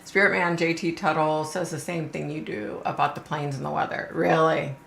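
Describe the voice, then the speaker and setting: A middle-aged woman talks casually to her livestream viewers, chatty and loose with swear words. Her voice is gravelly, bright and a little low, and it carries an echo from the room. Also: little pitch movement, normal speed, slight background noise. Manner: chatty, swears freely, drawls "y'all". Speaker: host of a livestream.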